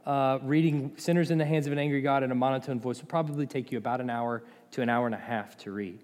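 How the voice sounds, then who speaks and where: Male pastor, mid-pitched, impassioned sermon delivery, echoing church hall. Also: steady tone, fast talker, hardly any pauses. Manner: impassioned, swings between loud and quiet. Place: church sanctuary. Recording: long hall reverb.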